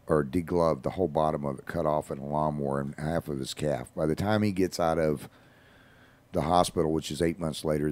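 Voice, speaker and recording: Deep low guy rambling through stories on a radio show, folksy asides. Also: a little mellow. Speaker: regular storyteller on a radio show. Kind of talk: casual radio talk.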